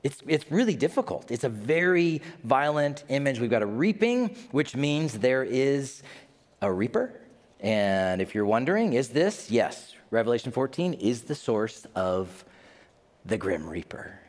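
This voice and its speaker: A male pastor preaching a sermon in a conversational, animated way with casual asides. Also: mid-range voice, measured pace. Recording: echoey hall reverb.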